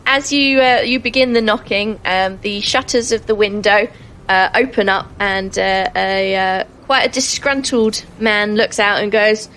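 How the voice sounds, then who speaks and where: A woman's voice: mid-range voice, a little slow, fairly bright tone, poor audio. Woman game master narrating a scene. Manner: descriptive, with frequent fillers.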